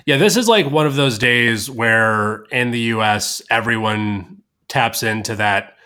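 An American man co-hosting a podcast, chatting casually about movies in a joking, easygoing way. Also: mid-range voice. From United States. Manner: lively, joking, quick to laugh. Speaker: podcast co-host.

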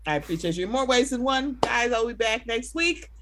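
A woman's voice: fairly high pitch, expressive, fairly quick, background noise. A woman hosting a casual podcast, playful and laughing, swearing freely and slipping into silly voices. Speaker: podcast host.

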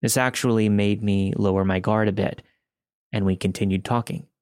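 A man hosting a podcast, narrating a scary true-story submission in a steady, measured way. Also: lowish voice, smooth, dry recording, clean studio sound. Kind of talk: scripted horror story narration.

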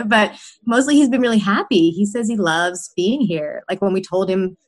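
A woman's voice: mid-range voice, normal speed, low-quality recording. A woman, a guest, chatting casually about parenting in a reflective, thoughtful way. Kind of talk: casual chat.

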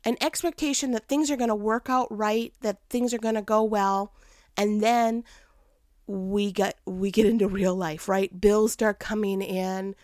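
Animated woman telling a story. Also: mid-range voice, a little slow, no room sound, clean studio sound. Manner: animated, laughs often, acts out quotes in varied voices. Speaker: mother telling a personal story. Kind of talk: casual storytelling with a life lesson.

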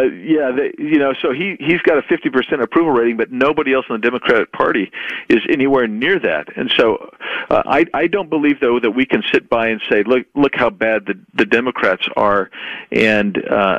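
Earnest, low-voiced male politician on a dull line. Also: no room sound. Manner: earnest, measured, repeats words as he thinks. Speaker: politician guest. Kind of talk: interview answer.

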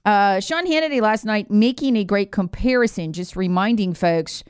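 A woman's voice: medium pitch, normal speed, smooth, no room sound, clean studio sound. A woman hosting a political talk show, giving sarcastic, mocking commentary and drilling points home with "remember". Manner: slips into mock voices to ridicule officials.

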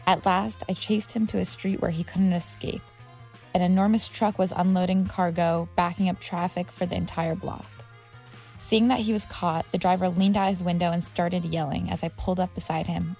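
A woman's voice: on the low side, steady tone, moderate pace, gravelly, darkish tone, faint music behind. A woman reading a personal story aloud, with vivid, dramatic delivery.

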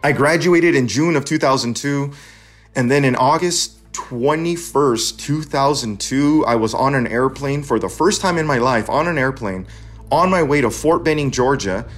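A man's voice: medium pitch, normal speed, faint music behind. A man in his forties from California, earnestly telling a personal story in a plain, conversational way.

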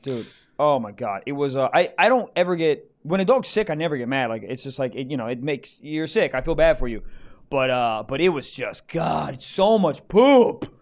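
A man's voice: medium pitch, animated, normal speed. A young man co-hosting a podcast, chatting loosely and joking with plenty of swearing. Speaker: podcast co-host. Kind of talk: casual chat.

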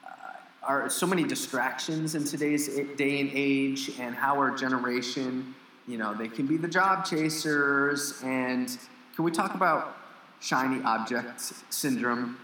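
A man talking bluntly on a casual podcast, frank and quick to swear. His voice is bright and forward at a middle pitch, with room echo around it and faint ambience underneath. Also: slight background noise. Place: lives in Costa Rica.

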